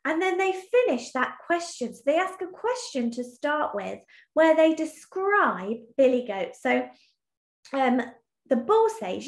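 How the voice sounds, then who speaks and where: A woman teacher reading a storybook aloud in an expressive, sing-song way, then explaining a task in an online lesson. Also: high voice, unhurried. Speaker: primary school teacher. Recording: echoey room.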